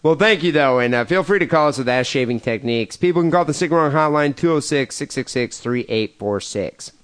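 A man's voice: a little high, expressive, a little fast. A man co-hosting a crude comedy podcast in casual chat, rambling with lots of fillers and laughing at his own jokes. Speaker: podcast co-host.

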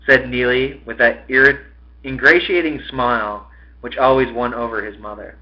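A man reads a novel aloud in an expressive, mid-pitched voice and curses casually when he stumbles. The audio is slightly muffled. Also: normal speed. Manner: expressive reading, breaks off to swear at his own slips. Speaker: podcast host reading a novel.

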